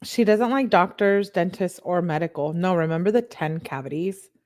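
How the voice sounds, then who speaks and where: A woman hosting a show, reading text messages aloud in a plain, steady way and breaking off for blunt, disbelieving asides to her viewers. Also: lowish voice, moderate pace. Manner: reads chat comments aloud to viewers. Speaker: channel host.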